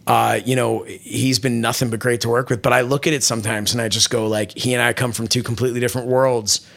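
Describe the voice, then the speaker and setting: Casual male interview guest, gravelly and bright, rambling storyteller with many restarts. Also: medium pitch, quick pace. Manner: rambling, many restarts and fillers, animated retelling. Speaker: wrestling interviewer and programming director.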